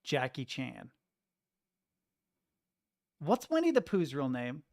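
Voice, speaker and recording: A man's voice: mid-range voice, wildly swooping pitch, slow pace, a little mellow. A man chatting casually with his live-stream chat, joking, laughing often and rambling through self-interruptions. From United States.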